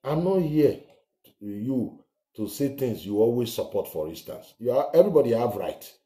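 A man's voice: mid-range voice, very animated, moderate pace, warm tone. A man giving heated political commentary on his channel, scornful and ranting, swearing now and then. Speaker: vlogger. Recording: roomy echo.

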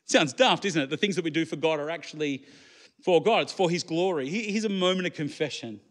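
A man's voice: on the high side, a little fast. A man preaching a sermon in church, conversational and full of rhetorical questions to the congregation. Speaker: pastor.

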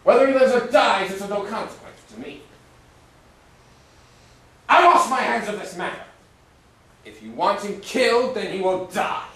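Male actor as a self-justifying Roman governor, high lively voice, echoey hall from afar. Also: moderate pace, pauses often, distant mic. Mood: defensive. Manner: agitated, rhetorical questioning. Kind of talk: stage play monologue. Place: school hall.

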